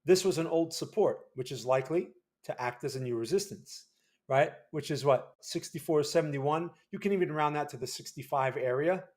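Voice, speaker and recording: A man hosting a livestream of market chart analysis in a casual way, often tagging his sentences with a quick question to his viewers. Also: fairly high pitch, a little mellow. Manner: casual, frequent tag questions.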